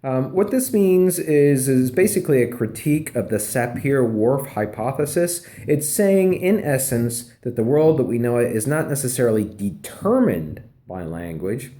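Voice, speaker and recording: A man's voice: medium pitch, expressive, unhurried, few pauses, warm tone. A man, a professor, giving a conversational recorded lecture with fillers and emphatic repeats. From Pennsylvania.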